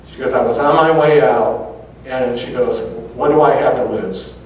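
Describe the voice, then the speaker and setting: A man giving a lecture, telling a personal story with lively quoted dialogue. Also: medium pitch, moderate pace, slight background noise. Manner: animated anecdotes with quoted dialogue. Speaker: public speaker. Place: large auditorium. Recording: very echoey hall from far off.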